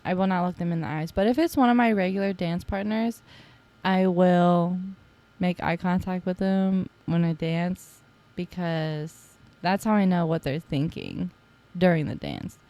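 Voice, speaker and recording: A woman's voice: on the low side, warm tone. A young adult woman hosting a casual solo podcast, talking in a chatty, playful way with teasing asides and lots of fillers. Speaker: podcast host.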